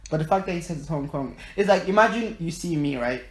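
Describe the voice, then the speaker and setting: A young man from Nigeria co-hosting a podcast, chatting casually in animated, slangy banter. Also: a little high, fast. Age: young adult. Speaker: podcast co-host. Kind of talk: casual chat. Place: small room in a flat. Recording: echoey room.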